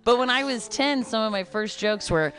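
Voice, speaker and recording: A woman from California's Kern River Valley, a comedian guest talking in a rambling, animated way and often breaking into laughs. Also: fairly high pitch, normal speed, soft background music. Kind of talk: casual podcast chat.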